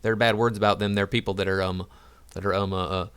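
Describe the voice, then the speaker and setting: A sneering, drawling caricature with a thick put-on American Southern accent, voiced by a man who is mocking people he dislikes. He stumbles through his words with heavy fillers and repetitions. His voice sits fairly low. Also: steady tone, fairly bright tone, clear, resonant tone, no echo. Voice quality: drawling, halting, full of fillers.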